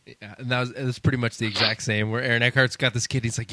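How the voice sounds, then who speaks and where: A man on a comedy podcast, retelling movie scenes with quick acted-out quotes and laughs. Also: medium pitch, level tone, background noise. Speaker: podcast co-host. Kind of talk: casual comedy podcast chat.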